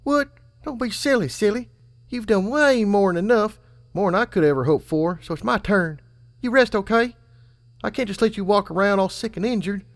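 An eager young unicorn filly healer chirps high and insistent, as a man puts her on. She is bossy and caring and slips into rustic grammar. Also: lively intonation, moderate pace, no echo.

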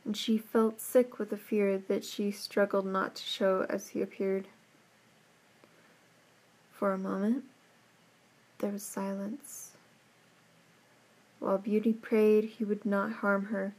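A woman reading a storybook aloud at an unhurried pace. Her tone is mellow and soft, with a fairly even melody that stays calm through the tale. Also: mid-range voice. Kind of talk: storybook read-aloud narration.

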